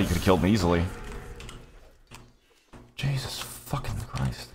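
A man casually commentating his own gameplay, cursing and joking, often breaking into high-pitched yelling. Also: unhurried, creaky, soft background music. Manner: profane, jokey, bursts into high-pitched yelling. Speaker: gaming YouTuber.

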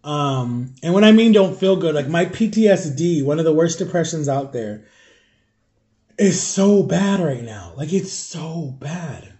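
A man with a stuffed-up nose, talking in a halting, rambling way while eating on camera at home for his vlog. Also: a little high, expressive, mellow. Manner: rambling, halting, searching for words. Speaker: vlogger. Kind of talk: casual confessional vlog.

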